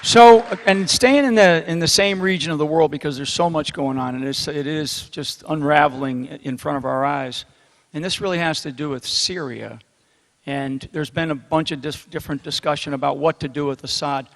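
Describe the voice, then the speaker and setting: A man moderating a live event who asks questions in a halting way and restarts his words. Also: a little high. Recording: echoey hall with faint crowd and noise.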